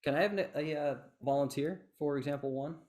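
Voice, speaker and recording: A man's voice: on the high side, brisk, a little mellow. Man teaching fife rhythms on a call. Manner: chanting rhythm syllables with inflection, self-deprecating asides. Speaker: fife instructor. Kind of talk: online workshop lesson.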